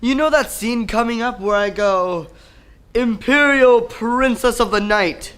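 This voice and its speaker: Actor as a high, hammy matinee idol, slow and showy. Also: male voice, fairly bright tone, smooth. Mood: smug. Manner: hammy, theatrical. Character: vain leading man film actor.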